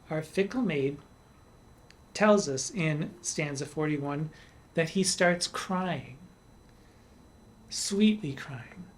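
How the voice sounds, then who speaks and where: A man performing in drag hosts a literary podcast. He discusses poems with cheeky, playful asides and slows down to savor key words. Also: a little high.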